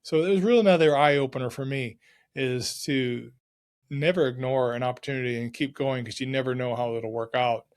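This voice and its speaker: Middle-aged man, guest, excited storytelling, mid-pitched voice, casual. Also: a little fast, smooth. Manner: excited, energetic.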